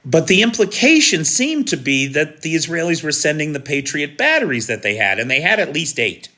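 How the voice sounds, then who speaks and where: An American man delivers live news commentary, talking it through in a casual, opinionated way. His voice is bright and forward, and he keeps checking in with rhetorical questions. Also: fairly high pitch, very animated, brisk. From United States. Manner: conversational, opinionated, frequent rhetorical "right?".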